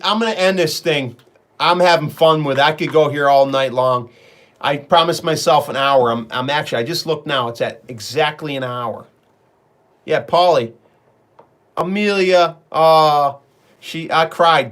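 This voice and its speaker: A man's voice: on the high side, fairly bright tone. A middle-aged man, chatting casually on a live stream, rambling through stories and talking to viewers by name.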